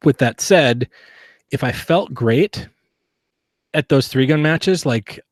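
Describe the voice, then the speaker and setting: A man's voice: mid-range voice, lively intonation, slow, dry recording, clean studio sound. A man talking as a guest on a casual podcast interview, earnest and reflective, often restarting his sentences. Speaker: guest, competitive shooter.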